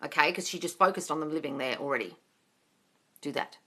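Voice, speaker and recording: A woman manifesting coach hosting a casual live Q&A, gushing and excitable, calling listeners darling and swearing freely. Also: low-pitched, a little fast. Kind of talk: casual live-stream Q&A, reading viewer comments.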